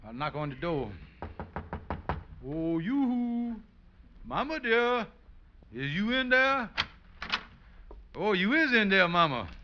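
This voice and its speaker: The Kingfish, blustery high-voiced schemer. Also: male voice, very animated, slow, long pauses, exaggerated voice. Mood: fawning. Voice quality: blustery, wheedling, broad comic delivery. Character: scheming boastful husband, middle-aged man. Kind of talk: 1950s radio sitcom acting. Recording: dull old radio broadcast recording, faint hiss.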